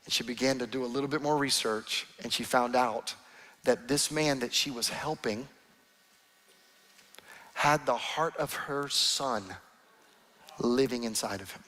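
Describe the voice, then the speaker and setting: A man's voice: mid-range voice, steady tone, a little slow, long pauses. A pastor, a man, telling a story in an earnest, emphatic sermon in a church sanctuary. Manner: earnest, emphatic, softening to near-whispers at tender moments. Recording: long hall reverb with soft music behind.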